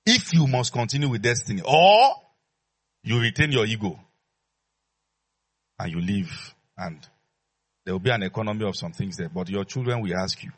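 A man's voice: fairly low pitch, lively intonation, moderate pace, pauses often. A man preaching a sermon as pastor, emphatic, repeating his phrases and leading call-and-response with the congregation.

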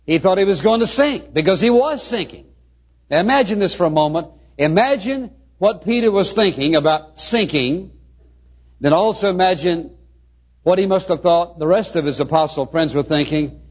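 Husky-voiced male preacher, earnest. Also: high-pitched, lively intonation, moderate pace. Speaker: pastor. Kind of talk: sermon. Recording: muffled lo-fi sermon recording.

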